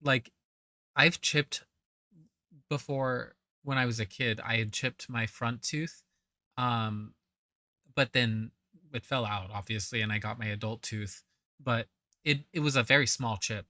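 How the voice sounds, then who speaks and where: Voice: mid-range voice, unhurried, pauses often, pushed and bright, no echo, studio quality. A reaction commentator talking over a clip in a blunt, mocking way, swearing casually as they pick apart what they watch.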